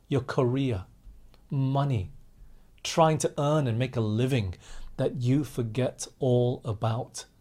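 A man's voice: medium pitch, darkish tone. A man preaching a sermon with impassioned, rising and falling emphasis, addressing his listeners as friends.

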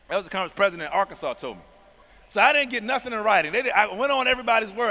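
A man preaches a testimony sermon, often calling on the congregation to answer back. His voice is high and bright with a forceful edge. The sound carries the long reverb of a large hall. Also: quick pace. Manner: emphatic call-and-response preaching. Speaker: pastor.

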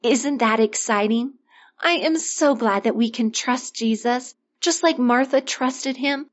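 Woman delivering a children's sermon story, gently expressive and a touch high-pitched, on a muffled recording. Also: unhurried. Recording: dull lo-fi recording.

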